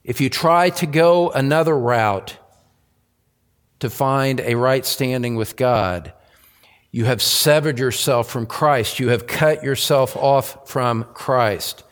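Slow, deliberate male preacher. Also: mid-range voice, long reverb tail. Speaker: pastor. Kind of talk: sermon.

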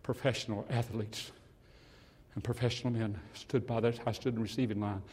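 An older man preaching a sermon in a church, animated and swinging between loud and hushed passages, with a husky voice. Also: medium pitch, normal speed, long reverb tail.

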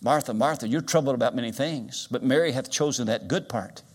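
An older man preaching a sermon, moving from quiet storytelling to loud, drawn-out emphasis. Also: medium pitch. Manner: dynamic preaching, swings loud and soft. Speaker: guest preacher.

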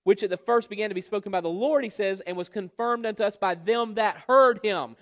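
Male preacher, high voice, emphatic expository style, long hall reverb. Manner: emphatic, rhetorical questions, drawn-out stresses. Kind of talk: expository Bible sermon.

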